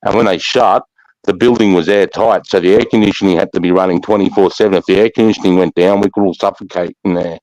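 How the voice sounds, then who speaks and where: A middle-aged Australian man, a former soldier, telling war stories in casual, rough-spoken chat, swearing freely and trailing off into fillers. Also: low voice, fairly even intonation, quick pace, a little mellow, dry recording, rough recording. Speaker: army veteran guest.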